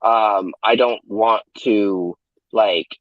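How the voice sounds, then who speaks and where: A man of middle pitch speaks as an author in loose, self-mocking chat, swearing offhandedly. His audio is dull and lo-fi, with a dry sound. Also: steady tone, very slow, no room sound. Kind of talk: casual chat.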